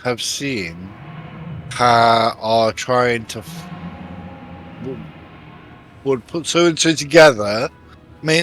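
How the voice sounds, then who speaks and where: Slow, hesitant male player. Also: medium pitch, fairly bright tone. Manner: hesitant, full of restarts. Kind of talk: tabletop game play.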